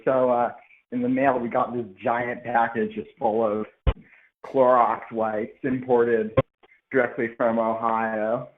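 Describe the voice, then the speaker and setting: Calling in to a radio show from Seattle, a young man chats earnestly and somewhat formally. His medium-pitched voice is level and a little slow, coming through a tinny phone line.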